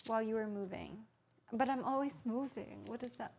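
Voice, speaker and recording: A woman's voice: on the high side, moderate pace, gravelly, a little mellow, a little hiss or hum. A woman streaming live from her home kitchen, chatting playfully while cooking and answering her chat aloud.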